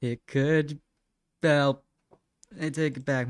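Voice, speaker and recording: A man's voice: fairly high pitch, slow, fairly bright tone, dry recording. A young man chatting casually on a live stream while he draws, laughing often and apologizing in a self-mocking way.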